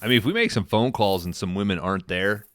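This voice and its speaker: Male podcast co-host, very low voice, laid-back crude banter. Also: fast talker, fairly bright tone, no room sound. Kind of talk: casual banter.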